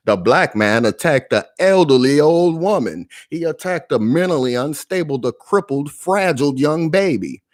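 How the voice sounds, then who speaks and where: A man giving casual reaction commentary, emphatic and full of street slang, often calling out to his viewers. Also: on the high side.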